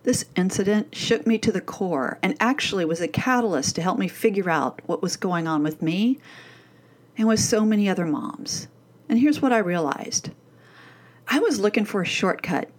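A middle-aged woman presenting a parenting course and telling a personal story in a scripted, animated way, leaning hard on key words. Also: mid-range voice, moderate pace.

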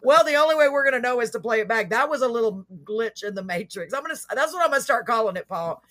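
A chatty Texan woman co-hosting a casual talk show over a video call. Her voice is bright and forward, and she laughs easily as she talks. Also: on the high side, quick pace. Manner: laughs often, chatty and excitable. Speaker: podcast co-host. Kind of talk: casual chat.

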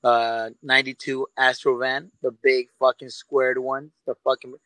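Brief: man from Southern California, bright tense voice, slangy profane storyteller, dry mic. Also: medium pitch, little pitch movement, measured pace, no echo, rough recording. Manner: slangy, swears constantly, says "fool" often. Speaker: podcast co-host. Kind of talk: crude casual storytelling.

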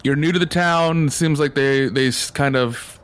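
A man running a tabletop game as game master, describing scenes in a relaxed way with fillers. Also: on the high side, normal speed.

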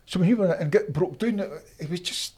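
A Scottish man in his fifties, a former footballer, telling lively anecdotes in a casual interview and acting out the people he quotes. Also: sits high, a little fast. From Scotland. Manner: animated anecdotes, acts out quoted voices.

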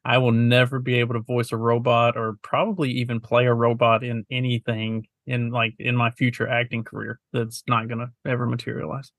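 A man talks in a relaxed, wandering way as a podcast co-host. His voice sits mid-range and sounds dry and close. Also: medium pitch, a little fast, hardly any pauses, no room sound. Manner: laid-back, meandering. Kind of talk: casual chat.

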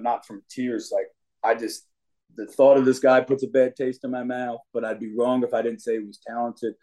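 A man's voice: medium pitch, level tone, moderate pace, darkish tone. A young adult man, a wrestler being interviewed on a podcast, talking in a brash, cocky, trash-talking way. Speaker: wrestler guest.

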